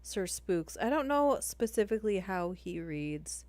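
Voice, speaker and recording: A woman's voice: lowish voice, a little slow, few pauses, a little mellow, no echo. A woman streaming, chatting casually between horror story readings, giggly and full of "like". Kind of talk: casual livestream chat.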